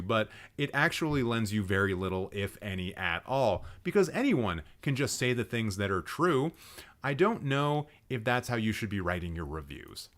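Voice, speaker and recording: A man's voice: fairly low pitch, big pitch swings, moderate pace. A young man hosting a live stream, reading out viewers' film lists and mocking them with sarcastic asides and frequent laughter. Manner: sarcastic, mocking, laughs often, swings loud and quiet. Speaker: livestream host roasting viewer film profiles.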